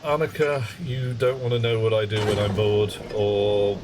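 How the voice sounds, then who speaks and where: A man's voice: lowish voice, little pitch movement, moderate pace, noisy background. A man streaming a game live, rambling through wry, chatty asides to his viewers. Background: game music.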